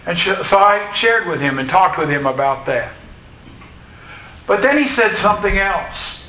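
A man preaching a sermon in a slow, deliberate way, pausing between phrases. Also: high voice, animated, pushed and bright, a little hiss or hum, rough recording. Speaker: pastor.

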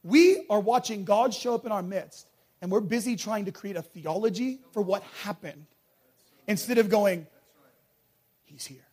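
A man preaching a passionate sermon to a church, swinging from loud urgent peaks to hushed, quiet lines. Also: sits high, lively intonation, moderate pace, breathy edge.

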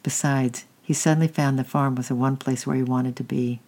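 A reader reading a children's story aloud, unhurried and halting, often correcting slips. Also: medium pitch, steady tone, darkish tone.

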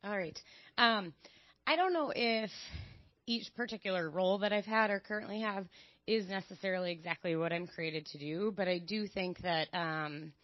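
A woman's voice: mid-range voice, moderate pace, no echo. A woman speaking as a church panel guest, hesitant, with frequent fillers. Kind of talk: unscripted testimony. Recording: dull dry sound.

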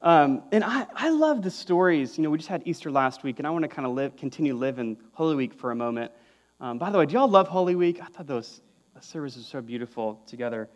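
A man's voice: a little high, animated, quick pace. A young man, preaching a conversational sermon as a pastor, full of fillers and restarts.

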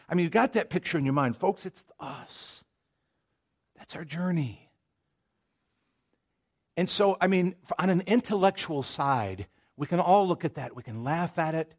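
A male pastor with a drawl preaches to his congregation in a casual, storytelling manner, trailing off into asides and restarting his sentences. His voice sits a little high for a man. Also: a little fast. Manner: folksy and conversational, with many restarts and asides. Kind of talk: sermon. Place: church sanctuary.

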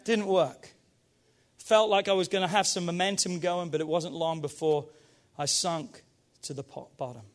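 A man with a fairly high voice delivers a sermon in a church. He preaches with energy and emphasis, swinging between loud urging and quieter storytelling. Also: fairly even intonation, moderate pace, few pauses. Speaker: pastor.

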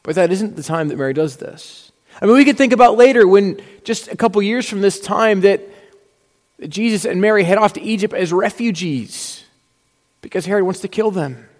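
Animated preaching man in a reverberant hall. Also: high-pitched, vocal fry. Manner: conversational, animated storytelling with acted asides. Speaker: pastor. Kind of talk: sermon.

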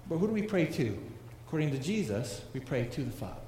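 A man's voice: on the high side, sing-song, fast, warm tone, a little hiss or hum. A man preaching a sermon in a conversational way, asking his congregation questions as he goes. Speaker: pastor. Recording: echoey hall with long reverb.

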